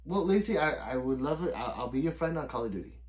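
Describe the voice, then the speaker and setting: A middle-aged man hosts a late-night livestream from his desk mic, chatting loosely with viewers and reading their messages aloud, answering people by name. He talks at a quick, animated pace, rambling and swearing often. His pitch swings widely, climbing and falling from one phrase to the next.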